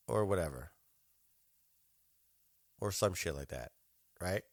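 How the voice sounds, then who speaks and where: A man telling a story on his podcast in a loose, cursing rant, his lowish voice swinging up and down as he gets worked up. He acts out both sides of the phone calls in his own voice. The sound is close and dry, with no room behind it. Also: big pitch swings, measured pace, long pauses, fairly bright tone, no room sound. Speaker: podcast host.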